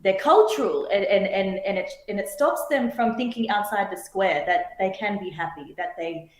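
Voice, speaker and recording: A woman's voice: mid-range voice, normal speed, reverberant, poor audio. A woman from Australia hosting a podcast, who talks earnestly and with animation in casual conversation and laughs often. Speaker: podcast host.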